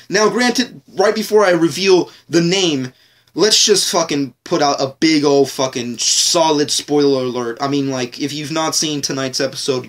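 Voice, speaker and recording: Excitable swearing man reviewing TV. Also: a little high. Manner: excitable, swears a lot, rambling with restarts. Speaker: TV show reviewer. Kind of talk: casual spoken review.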